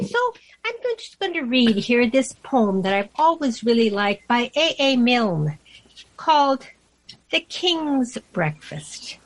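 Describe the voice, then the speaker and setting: An animated woman hosting a community radio show, chatty and playful. Her slightly high voice moves up and down a lot. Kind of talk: casual radio chat and poetry reading.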